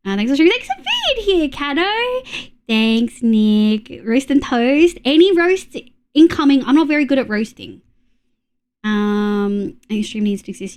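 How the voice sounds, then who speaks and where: A woman with an Australian accent chatting casually with her live-stream audience, reading chat messages and making quick asides. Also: a little high, a little mellow, smooth.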